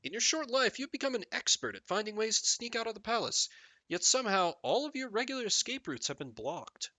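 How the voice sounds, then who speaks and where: High-pitched and brisk, this man is live-streaming a text game with no echo in the audio. He reads the game text out loud and riffs on it in an animated, jokey way.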